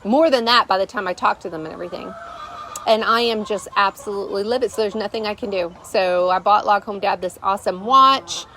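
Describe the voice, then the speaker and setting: Brisk and pushed, with a bright medium-pitched voice, a middle-aged vlogger tells a rambling story to camera full of fillers. She's outdoors on a rural homestead, hosting her channel.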